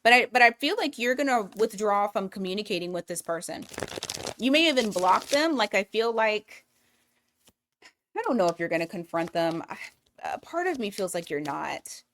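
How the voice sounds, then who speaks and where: A woman's voice: medium pitch, lively intonation, moderate pace, a bit bright, a little hiss or hum. Blunt, profane woman reading tarot. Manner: blunt, profane, chatty, thinks aloud with restarts. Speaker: tarot reader.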